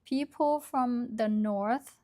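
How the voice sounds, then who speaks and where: Woman, soft-spoken, gentle, slow talker, a little high-pitched. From Thailand. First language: Lisu. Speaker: embroidery vlogger. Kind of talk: casual chat to camera.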